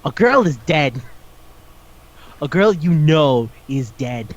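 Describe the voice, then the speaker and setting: Reviewing a manga on a casual podcast, this male co-host rants with exasperation and swearing, acting out quotes along the way. He speaks slowly in a voice on the high side with big pitch swings. The recording sounds dull and lo-fi.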